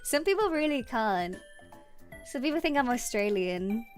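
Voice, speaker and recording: A woman's voice: fairly high pitch, expressive, moderate pace, soft background music. A young British woman streaming and chatting casually with viewers, bubbly and giggly as she reads chat aloud. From Britain.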